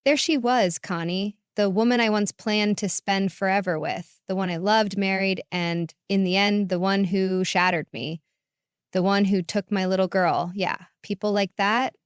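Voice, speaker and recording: A woman narrating a first-person story in a calm, reflective way. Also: mid-range voice, moderate pace, smooth, no echo, clean studio sound.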